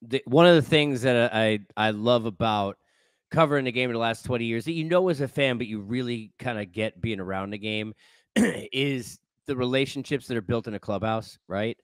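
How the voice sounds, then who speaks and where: A man's voice: mid-range voice, normal speed, clean tone, dry recording, clean studio sound. A man hosting a casual baseball interview, asking long, rambling questions with many restarts. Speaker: baseball broadcaster, host.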